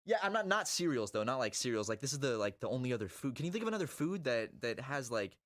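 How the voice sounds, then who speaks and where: Young male co-host, crude rambling banter, lively swinging pitch. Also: fast talker. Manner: rambling, crude joking with frequent restarts. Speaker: gaming video host. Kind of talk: casual chat.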